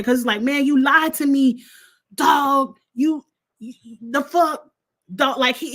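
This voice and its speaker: A woman, hosting a casual reaction vlog in a blunt, heated, profane and animated way. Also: a little high. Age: adult with a son in college. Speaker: vlog host reacting to a reality show.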